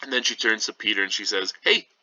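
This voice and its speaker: A male teacher giving a casual, plain-spoken summary of a play, with frequent pauses and rephrasing. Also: fairly low pitch, fairly even intonation, sharp tone, no room sound. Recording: dull lo-fi recording.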